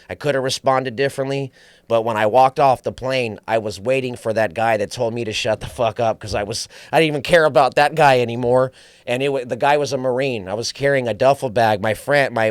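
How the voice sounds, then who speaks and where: A man's voice: medium pitch, smooth, no room sound. A man guest on a podcast, telling stories in casual chat with profanity, acting out quoted voices. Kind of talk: casual storytelling.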